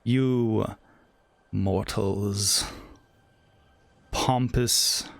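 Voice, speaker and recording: A man voicing a grim, haughty ancient djinni lord who speaks slowly and with scorn. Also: lowish voice, fairly even intonation, creaky, no room sound, heavily acted. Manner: slow, scornful and lordly.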